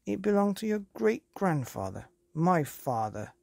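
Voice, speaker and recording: A woman voicing an old traveller grandmother in a bedtime story, fond and firm, with a gravelly, husky voice. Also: on the low side, big pitch swings, a little slow, darkish tone, no echo, studio quality, pitched above the performer's own voice, full character voice. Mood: fond, earnest.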